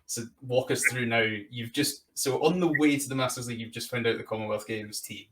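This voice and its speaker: A British man hosting a podcast, recapping his guest's story in long, enthusiastic runs. He sits a bit back from the microphone. His pitch is mid-range. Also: fairly even intonation, a little fast, fairly bright tone, far from the mic, slight background noise. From Britain. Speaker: podcast host. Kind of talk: conversational podcast interview.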